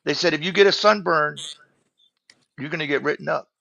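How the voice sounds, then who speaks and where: A man chiming in during casual chat, laughing and asking quick questions. His voice is very gravelly, bright and edgy, and it sits somewhat high for a man. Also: no room sound, lo-fi sound. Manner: quick reactions, laughs, chimes in.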